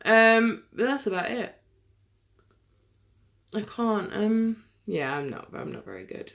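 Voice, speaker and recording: A woman's voice: mid-range voice, big pitch swings, takes it slowly, vocal fry. A woman, chatting casually to viewers during a live makeup tutorial and answering their comments by name. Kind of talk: casual live-stream chat while doing makeup. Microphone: webcam or phone on a live stream.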